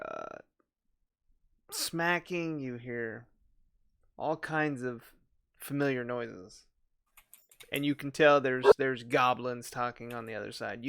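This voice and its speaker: Male game master, slow, animated, bright and gravelly. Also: mid-range voice. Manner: slow, descriptive narration with fillers and laughs. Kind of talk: narrating a tabletop game.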